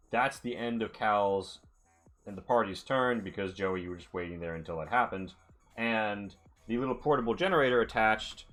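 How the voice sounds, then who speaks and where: Low-voiced man running a tabletop game. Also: a bit bright. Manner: hesitant, filler-heavy narration. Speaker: game master.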